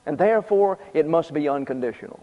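A man's voice: on the high side, expressive, a little fast. Man preaching in a reverberant hall. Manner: conversational preaching with repeated points and asides. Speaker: pastor. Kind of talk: sermon. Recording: dull lo-fi sound with long reverb.

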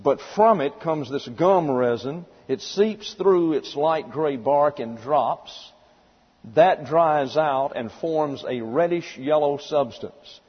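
A man's voice: on the high side, slow, husky. A man giving a Bible teaching sermon in a folksy storytelling manner, spelling out words as he explains. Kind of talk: sermon lecture. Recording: dull lo-fi recording with long hall reverb.

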